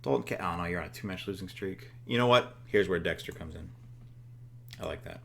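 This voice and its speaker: A man's voice: low-pitched, a little fast, gravelly, fairly bright tone. A man co-hosting a casual game session, thinking aloud with fillers and jokes. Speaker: co-host. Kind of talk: casual chat while playing a booking game.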